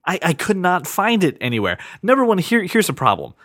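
A man hosting a casual podcast, rambling and repeating words when he gets excited. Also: sits high, brisk, no room sound, clean studio sound. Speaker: podcast host.

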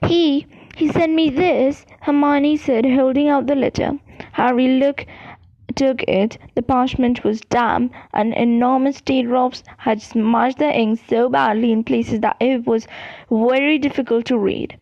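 Brief: woman podcast reader, steady read-aloud, dry close mic, dull lo-fi sound. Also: fairly high pitch, a little slow, no echo. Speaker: podcast host reading a book aloud. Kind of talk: audiobook read-aloud narration.

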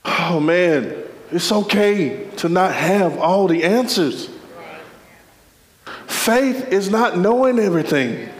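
A man preaching a sermon with a playful, animated delivery, full of laughing asides and calls to the congregation. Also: high-pitched, takes it slowly. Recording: echoey hall.

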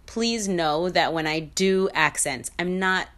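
Speaking slowly in a lowish, slightly bright voice, this woman runs her own podcast. Her monologue is an open airing of opinions, peppered with fillers, restarts and soft laughter.

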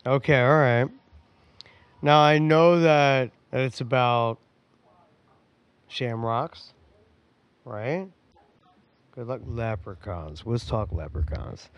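A man's voice: medium pitch, slow pace, long pauses, lo-fi sound. A man hosting a podcast in casual chat at home, rowdy and joking, swearing and laughing a lot. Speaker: podcast host.

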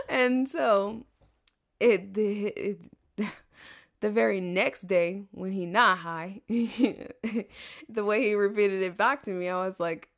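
A young adult podcast host from the American South speaks slowly in a mid-range voice. Her chatty monologue is a rambling story full of free swearing and frequent laughter.

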